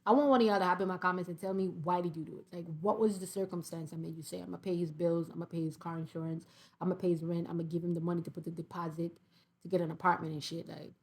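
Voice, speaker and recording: A young woman, reading viewer comments aloud in a sassy, animated casual commentary. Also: lowish voice, fast talker. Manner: sassy, animated, laughs often.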